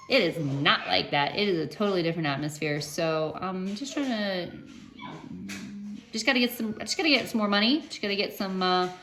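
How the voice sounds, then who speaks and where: A woman's voice: medium pitch, a little hiss or hum. A woman from West Virginia chatting to her viewers, telling stories with lots of fillers and restarts. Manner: chatty, animated storytelling with many fillers and restarts. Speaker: vlogger sharing cancer treatment updates. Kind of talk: casual chat to camera.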